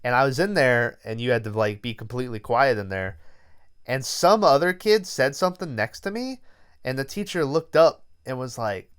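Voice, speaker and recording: Rambling, profane podcast co-host, smooth voice. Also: male voice, medium pitch, animated, moderate pace. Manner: rambling, profane storytelling with lots of fillers. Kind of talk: casual movie review chat.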